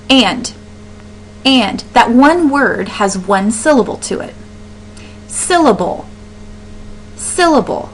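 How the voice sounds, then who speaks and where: A woman's voice: medium pitch, a little hiss or hum, low-quality recording. A woman teacher talking students through a recorded lesson, explaining step by step with frequent fillers and restarts. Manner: explanatory, with fillers and self-corrections.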